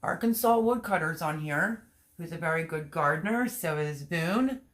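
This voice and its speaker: A woman's voice: sits low, expressive, normal speed. A woman hosting a casual gardening livestream, reading viewer comments aloud, her voice strained from laughing and crying. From Pennsylvania. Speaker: livestream host.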